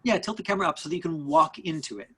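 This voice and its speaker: Husky-voiced male acting coach, halting. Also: fairly high pitch, a bit bright, poor audio. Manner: halting, many fillers and restarts. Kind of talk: live online acting class.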